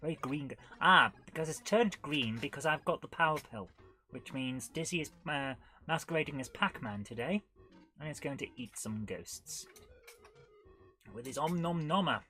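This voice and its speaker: A woman's voice: low-pitched, lively intonation, normal speed, pushed and bright, soft background music. A woman in her forties hosting a live retro-gaming stream, chatty and giggly, commenting on the game and reading chat aloud.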